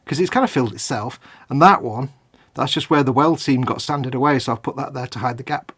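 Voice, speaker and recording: A man's voice: mid-range voice, fast talker, a bit bright, husky. A man from the UK co-hosting a casual hobby stream, jokey and playful, slipping into silly voices as he chats while model building. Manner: jokey, slips into silly voices and sung snatches. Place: home hobby workshop.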